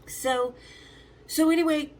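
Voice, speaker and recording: A woman in her fifties, the host, telling stories in a casual, animated way, swearing freely and acting out the voices of the people in them. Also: high voice, takes it slowly. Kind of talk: casual storytelling.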